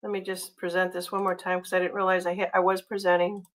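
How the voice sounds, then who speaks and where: A woman hosting a casual livestream, chatty and gushing, often pausing on ums and uhs as she reads viewer comments. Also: fairly low pitch, flat delivery, low-quality recording. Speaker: livestream host.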